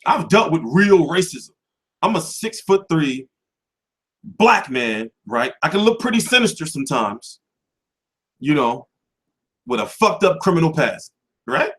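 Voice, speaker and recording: Profane guy ranting on his boxing stream, higher voice jumping all over. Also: big pitch swings, measured pace, pauses often, fairly bright tone. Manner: loose, profane, rhetorical questions. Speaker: boxing show host. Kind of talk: casual livestream commentary.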